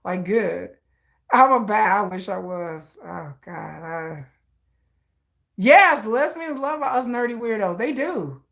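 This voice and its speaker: A woman's voice: mid-range voice, lively intonation, slow, gravelly, fairly bright tone. A woman telling candid personal stories in a blunt, profane way, with laughing asides. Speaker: vlogger.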